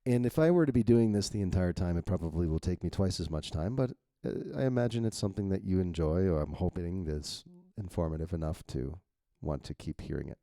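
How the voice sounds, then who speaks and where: A man with a very low, gravelly voice rambles casually as he talks through edits, swearing freely and chuckling at his own remarks. His tone is dark and mellow, recorded close and dry. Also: lively intonation, a little fast, few pauses, dry recording. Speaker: novelist. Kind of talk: thinking-aloud editing walkthrough.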